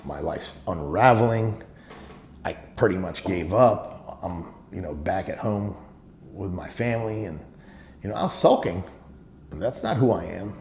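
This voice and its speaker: A middle-aged business owner, a guest in an interview, tells candid stories emphatically and often says "you know." His voice is low and a little mellow, with lively intonation and a measured pace. The room is echoey with faint noise.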